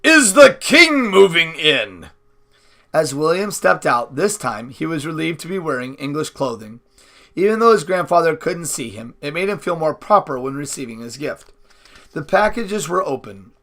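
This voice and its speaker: Bright-voiced man reading a novel. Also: on the high side, expressive, normal speed. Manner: unpolished, with slips and restarts. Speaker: audiobook reader.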